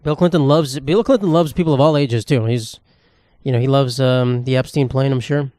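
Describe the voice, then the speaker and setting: A man's voice: mid-range voice, normal speed, mellow, dry recording, studio quality. A young man hosting a solo comedy podcast, rambling and sarcastic, swearing freely. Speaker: podcast host.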